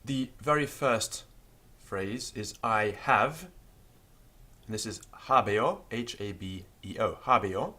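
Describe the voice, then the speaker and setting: Slow, patient male language teacher. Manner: slow, patient, spells out words letter by letter; lively pitch, stresses example words. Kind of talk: spoken language lesson.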